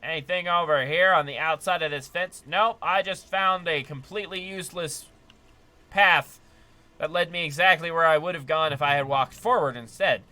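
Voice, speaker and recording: A man's voice: on the high side, normal speed, pushed and bright. A man giving chatty, upbeat live commentary while playing a video game, often laughing and talking to his chat. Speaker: streamer.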